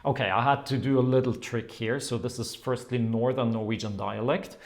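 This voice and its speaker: A man teaching in an explanatory video lesson, demonstrating sounds and tones in a lively way. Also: mid-range voice, fairly quick, vocal fry. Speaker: language teacher.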